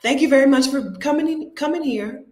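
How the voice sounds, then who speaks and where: A woman's voice: sits high, brisk, darkish tone, roomy sound, slight background noise. A woman, chatting casually and laughing with her viewers during a livestream from her home. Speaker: host. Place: home near her refrigerator.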